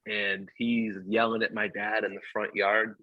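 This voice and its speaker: Brief: low-voiced male storyteller, halting delivery, dry, dull audio. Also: level tone, no echo. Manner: halting, many fillers and restarts. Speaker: guest storyteller. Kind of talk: personal storytelling.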